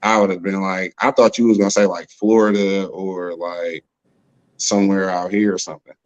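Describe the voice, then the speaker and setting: A man with a low voice rambles loosely in casual slang, padding his talk with fillers. His audio comes through muffled and dull. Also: little pitch movement, normal speed, darkish tone. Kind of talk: casual chat.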